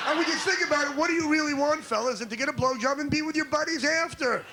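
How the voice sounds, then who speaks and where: A man's voice: very high-pitched, fast talker, hardly any pauses. A man in his forties from New York doing a brash, ranting stand-up set in a comedy club, baiting the crowd. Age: 40s. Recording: live club recording with audience noise.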